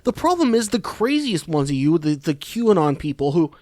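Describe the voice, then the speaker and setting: A podcast host with a fairly high, slightly mellow male voice delivers very animated, rambling and sarcastic political commentary at a moderate pace, full of swearing and restarts. The studio sound is clean, with no room echo.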